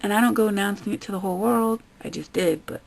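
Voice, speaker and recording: A woman's voice: mid-range voice, quick pace, creaky, darkish tone, rough recording. A woman vlogger ranting bluntly with lots of swearing, sounding fed up. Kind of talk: ranting commentary vlog.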